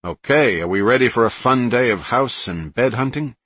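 A man's voice: medium pitch, expressive, normal speed, a bit bright, breathy edge, no room sound, pitched above the performer's own voice. A man reading a cheerful adult man who organizes the group's day, in an audiobook. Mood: upbeat.

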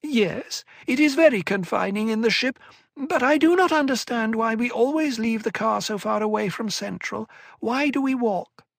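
A man voicing a small, wheedling male alien prisoner with a whining, elfin voice, pleading slowly. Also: creaky, dry recording, clean studio sound, full character voice. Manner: slow, pleading, high-pitched. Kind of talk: audiobook character voice.

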